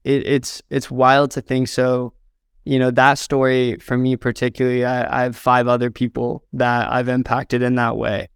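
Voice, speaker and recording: A man's voice: mid-range voice, completely flat delivery, normal speed, clear, resonant tone, no echo, studio quality. A young man from southern Indiana telling a heartfelt story as an interview guest, earnest and full of "like" and "um". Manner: earnest, fills with "like" and "um", gets choked up.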